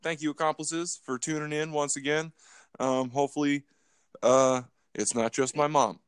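A man's voice: a little high, fairly even intonation, normal speed, smooth, no echo, studio quality. A man co-hosting a podcast in casual chat, laid-back and joking, swearing now and then. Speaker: podcast co-host.

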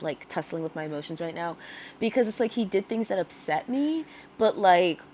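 A woman's voice: fairly low pitch, a little mellow, highs cut off, a little hiss or hum. A young woman hosting her own podcast, talking through her feelings in a rambling, self-conscious way full of fillers and restarts. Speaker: podcast host. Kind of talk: casual confessional monologue.

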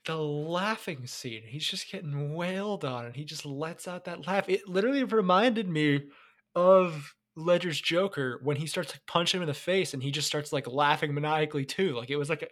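A man co-hosting a podcast in casual chat, animated and profane, dropping to a hushed whisper for emphasis. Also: a little high, normal speed. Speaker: podcast co-host.

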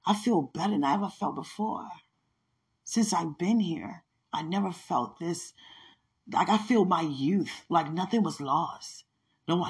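Woman, late 30s, gravelly, casual prayerful monologue. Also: fairly low pitch. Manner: affectionate, prayerful, often laughing. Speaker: podcaster.

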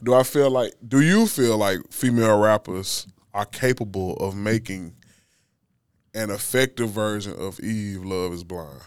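Smooth, resonant male co-host, laid-back and slangy, dry sound. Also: fairly low pitch, measured pace, dry recording. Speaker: podcast co-host. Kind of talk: casual podcast banter.

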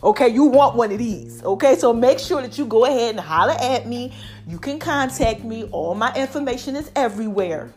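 Middle-aged woman, casual vlog chat, high voice swooping all over, allergy-roughened, faint music underneath. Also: moderate pace. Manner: animated, chatty, repeats catchphrases, laughs often. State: voice a bit deep from allergies. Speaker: online personality talking to followers.

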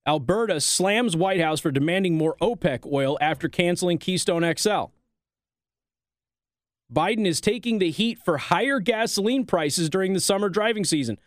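A political commentary host with a fairly high, animated voice reads headlines aloud at a moderate pace, then breaks in with sarcastic, mocking rhetorical questions. His tone is pointed and needling from start to finish, and the close, dry recording has no room sound.

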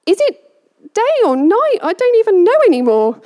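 Woman putting on a tiny hamster voice, girl hamster, squeaky, very high, baffled. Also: wildly swooping pitch, moderate pace, mellow, long reverb tail, exaggerated voice. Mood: bewildered. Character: confused little female pet hamster.

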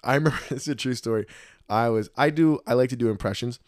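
A man's voice: medium pitch, quick pace, dry recording, clean studio sound. A middle-aged man chatting casually as a podcast host, telling stories and acting out the voices of people in them. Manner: animated storyteller, acts out voices. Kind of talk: casual chat.

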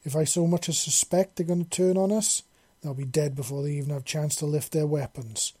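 A man's voice: on the high side, steady tone, a little fast, dark tone, husky, no echo. A man voicing a tough, defiant male wasteland leader who swears freely in a story reading. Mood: vowing.

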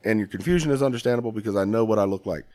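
A man's voice: fairly low pitch, rapid-fire. A man on a podcast telling stories in casual chat, acting out other people's voices. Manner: animated storyteller, mimics voices. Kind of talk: casual storytelling.

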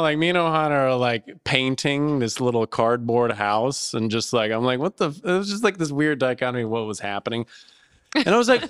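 Podcast co-host, male, lively storyteller, clear dry studio sound. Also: mid-range voice, brisk, no room sound. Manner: animated, acts out both sides of a phone call. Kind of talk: casual storytelling chat.

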